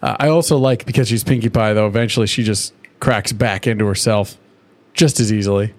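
A man's voice: lowish voice, fairly quick. A man co-hosting a podcast in casual chat, swearing freely and acting out characters in raised voices. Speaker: podcast co-host.

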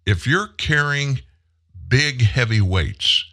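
A man in his seventies hosting a show, telling a personal story in an earnest, heartfelt way and pausing for emphasis. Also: mid-range voice, expressive, bright, forceful tone. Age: 70s. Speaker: show host. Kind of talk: personal monologue on a live commentary show.

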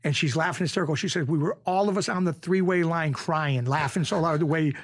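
Gravelly-talking New man telling stories. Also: a little high, fairly quick. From Springfield, Massachusetts. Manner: animated storyteller, rough street talk, repeats himself. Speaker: guest. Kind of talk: casual storytelling.

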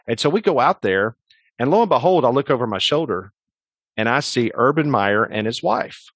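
A man at a middle pitch tells a long story as a guest on a sports talk interview. He rambles casually and leans on fillers and restarts, and the sound is close and dry. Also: expressive, moderate pace, slightly rough, no echo. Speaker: sports radio host, guest.

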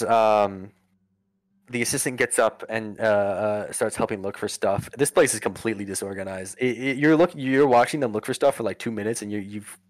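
A man's voice: on the low side, dry recording, low-quality recording. A man narrating a tabletop game as game master, casual and rambling with lots of fillers.

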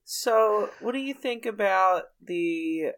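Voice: medium pitch, lively intonation, slow, fairly bright tone. A speaker in casual conversation about a film, asking questions in a hesitant way. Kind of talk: casual movie discussion.

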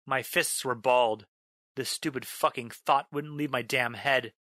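A man narrating a first-person horror story, dramatic in delivery, drawing out a repeated line slowly and breaking into yelled outbursts. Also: mid-range voice, no echo. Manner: dramatic, slows down on a repeated line, bursts into yelling.

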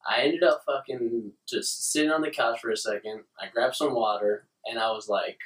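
A man's voice: mid-range voice, moderate pace, distant mic. A young man telling crude stories in casual chat, laughing and acting out his own reactions. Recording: roomy sound from off the mic.

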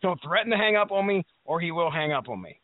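Male co-host, slightly high voice, rambling and profane, dry tinny phone-quality audio. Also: lively intonation, fast, no room sound. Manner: rambling, profane, laughs often. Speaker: co-host reviewing an album. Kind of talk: casual radio banter.

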